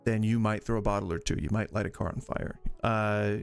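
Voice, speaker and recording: A male streamer with a lowish, smooth voice, vocal fry, and fairly even intonation reacts to videos at a brisk pace over faint background music. He gives casual, opinionated commentary, arguing his points in long, rambling stretches full of restarts.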